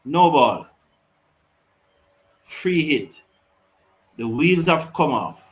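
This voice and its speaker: A man hosting a live cricket watch-along, mixing excited commentary with reading out viewer comments. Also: a little high, extremely slow, poor audio.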